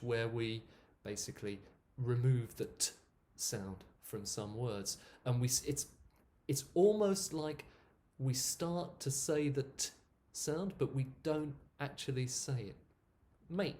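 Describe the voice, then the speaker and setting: Man teaching English pronunciation. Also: mid-range voice. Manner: relaxed, repeats words to demonstrate pronunciation. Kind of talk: explaining English usage.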